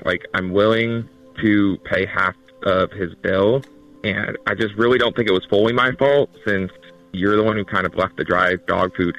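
A man's voice: lowish voice, a bit bright, dull audio. A man calling in to a radio show, defensive and hedging, rambling with fillers.

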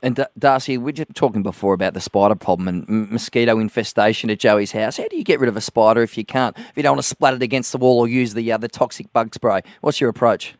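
An Australian man co-hosting a sports radio show, chatting quickly in casual banter and laughing easily. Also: mid-range voice, dry recording, clean studio sound. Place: dry radio studio.

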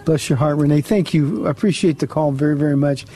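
A man's voice: a little high, quick pace, dark tone. A man hosting a call-in Christian radio show as pastor, thanking callers and questioning young guests.

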